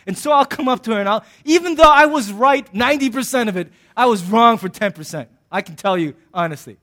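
A man's voice: extremely high pitch, fairly quick, few pauses. A male pastor preaching a sermon in a humorous, conversational way, acting out little voices in his asides. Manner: animated, acts out voices in asides.

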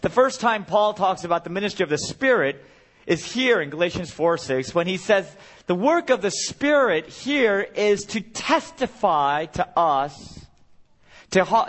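A man's voice: high voice, fairly bright tone. A middle-aged man preaching a sermon as a guest speaker, earnest and building to impassioned cries.

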